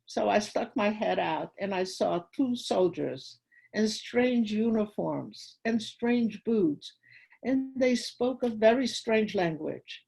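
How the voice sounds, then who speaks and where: A woman's voice: medium pitch, expressive, slow pace, vocal fry, darkish tone, slightly rough, rough recording. An older woman giving personal testimony to a school audience, retelling her memories vividly and acting out the dialogue. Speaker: guest speaker at a school.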